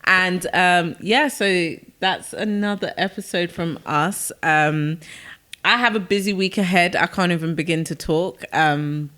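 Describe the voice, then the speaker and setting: A woman's voice: fairly low pitch, measured pace. Chatty woman telling stories. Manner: animated storyteller with slang, many restarts. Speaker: podcast co-host. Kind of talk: casual chat.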